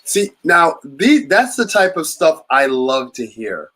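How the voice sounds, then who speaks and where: A man's voice: fairly high pitch, sing-song, slow, bright, forceful tone. A man hosting a casual chat, talking in long rambling runs with many restarts. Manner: rambling, restarts often, enthusiastic. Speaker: podcast host.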